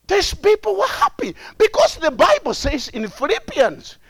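A man preaches a sermon in a strikingly high voice that rises and falls a lot. He talks slowly and repeats his lines for emphasis. The sound is dry and close. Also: huge pitch swings, creaky, no echo. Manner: emphatic, repeats phrases, laughs often, acts out crying prayers.

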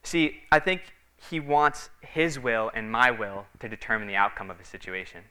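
A man's voice: fairly low pitch, animated, moderate pace, sharp tone, smooth. A man preaching a sermon in a conversational, storytelling way, with frequent fillers, acting out the voices of the people in his stories.

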